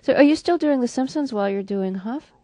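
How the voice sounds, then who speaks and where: A woman's voice: a little high, lively intonation, brisk, dark tone, no echo. A woman interviewing a guest, asking thoughtful questions and rephrasing them as she goes.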